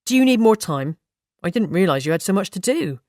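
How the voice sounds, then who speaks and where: A woman voicing an elderly grandfather who talks in a gentle, homely way, in an audiobook reading. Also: medium pitch, sing-song, a little fast, dry recording, studio quality, natural voice. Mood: fond. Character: elderly British grandfather, kindly, plain-spoken.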